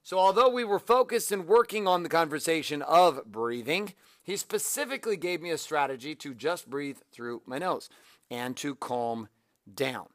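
A man with a slightly high voice coaching his listeners in a motivational talk, full of energy as he counts out breathing drills. The recording is dry and close, with no room sound at all. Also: animated, normal speed, no echo. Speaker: motivational podcast host.

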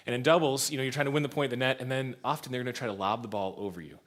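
Speaking very fast in a mid-range voice, this thirty-something pastor tells stories from the pulpit of a church. He laughs often, and his volume rises and falls in lively shifts.

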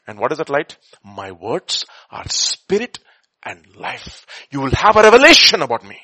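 A man preaching a sermon, quoting scripture and hymns, swinging between loud emphatic bursts and quiet murmurs. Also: mid-range voice, very animated, normal speed, dry recording. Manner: quotes scripture and hymn lines, chuckles between points.

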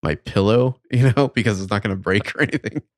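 A man's voice: lowish voice, quick pace, no echo, clean studio sound. A man casually recapping a movie as a podcast co-host, laid-back and a little hesitant.

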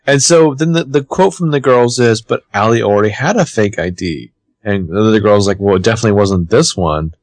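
A man co-hosting a podcast, recapping a TV episode in casual, animated chat. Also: fairly low pitch, fairly quick, dry recording. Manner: chatty, animated, swears casually.

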